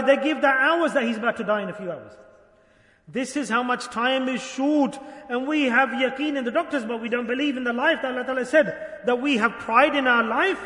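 A man with a very high, bright voice delivers a sermon in a large hall that rings with long echoes. He presses his point with insistent repetition. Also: moderate pace. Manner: emphatic, urging, repeats phrases. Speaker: preacher.

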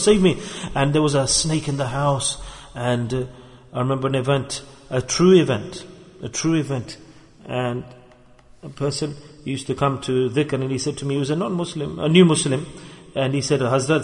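A man giving a sermon in a mosque, telling stories and acting out the voices of the people in them. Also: medium pitch. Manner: storytelling, acts out quoted voices. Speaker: religious teacher. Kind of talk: sermon with acted examples. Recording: long hall reverb.

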